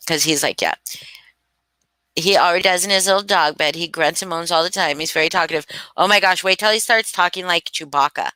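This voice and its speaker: A woman's voice: sits low, moderate pace, pushed and bright, dry recording. A woman hosting a casual live stream, gushing and swearing freely as she chats with viewers. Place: home.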